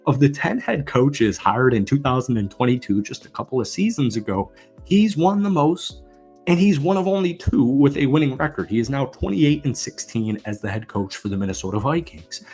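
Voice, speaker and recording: A man hosting a football channel, giving an energetic, emphatic sports commentary rant. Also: mid-range voice, moderate pace, husky, soft background music.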